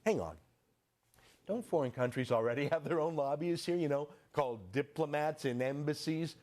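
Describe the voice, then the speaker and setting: A man's voice: fairly high pitch, moderate pace, darkish tone. A man delivering sarcastic political commentary, full of rhetorical questions.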